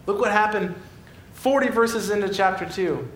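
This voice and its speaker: A man preaching a sermon as a pastor, telling a story with animated swings between excitement and quiet earnestness. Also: normal speed. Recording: echoey room with faint rumble.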